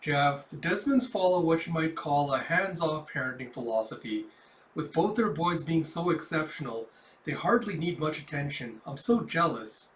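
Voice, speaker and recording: A man hosting a casual manga reading and reaction, animated and laughing often. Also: fairly high pitch, normal speed, a little hiss or hum. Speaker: host. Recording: roomy, mic at a distance.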